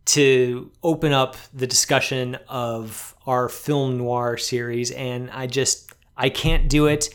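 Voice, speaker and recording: A man co-hosting a film podcast, talking in a thoughtful, halting way with fillers. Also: medium pitch, steady tone, a bit bright, smooth. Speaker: podcast co-host. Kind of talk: casual film discussion.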